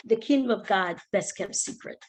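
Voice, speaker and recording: A woman's voice: mid-range voice, moderate pace, a little hiss or hum. A woman coauthor on a video call giving a fervent testimony and repeating her key phrases for emphasis. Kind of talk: testimony in a book talk.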